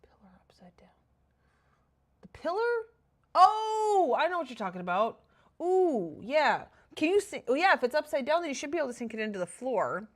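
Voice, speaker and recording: A woman chatting casually with her viewers while playing a game, excitable and talking to herself as she goes. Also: sits high, fast. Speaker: game streamer.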